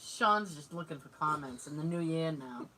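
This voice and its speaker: A woman in her forties co-hosting a podcast, telling family stories in casual chat, animated, laughing often and swearing freely. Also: deep voice, normal speed. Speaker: podcast co-host. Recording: distant mic, noisy.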